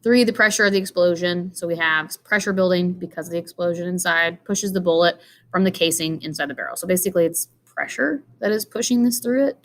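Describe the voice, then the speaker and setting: A woman's voice: fairly low pitch, fairly quick, fairly bright tone, slight background noise. A woman giving an informal lesson, walking through slides with many fillers and asides. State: tired, yawning. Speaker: teacher. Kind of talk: casual explanatory lecture.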